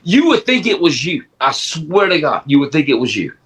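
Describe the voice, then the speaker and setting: Animated high-voiced man telling stories. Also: normal speed, breathy edge. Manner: animated storyteller, acts out quoted dialogue with shouts. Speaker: podcast co-host. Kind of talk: casual chat.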